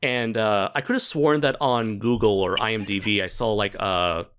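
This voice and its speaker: A man's voice: lowish voice, normal speed, fairly bright tone, clean tone. A man in casual podcast film talk, easygoing and hesitant, with lots of fillers and frequent laughter.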